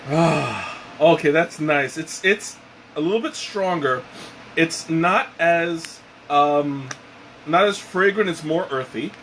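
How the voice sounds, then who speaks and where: A man's voice: a little high, slow, fairly bright tone, slight background noise. A man hosting a casual live tea-tasting stream at home, rambling and self-deprecating, winded from sweating and choking. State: sweating and catching his breath after choking. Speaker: livestream host. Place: home room with a fan running.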